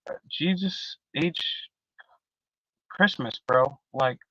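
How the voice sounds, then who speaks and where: A man's voice: mid-range voice, takes it slowly, pauses often, dry recording, muffled recording. A man in casual live-stream panel chat, rambling and profane, with lots of slang and restarts, on a video call. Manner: restarts often, animated.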